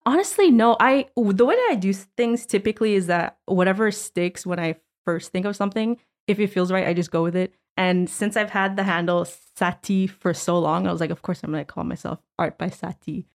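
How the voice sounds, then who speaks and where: A young woman from Montreal, in her twenties, chatting relaxed and easygoing as a guest in an interview, often saying "essentially" and laughing easily. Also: medium pitch, a little fast, hardly any pauses. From Canada, Montreal. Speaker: guest artist. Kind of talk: casual interview chat.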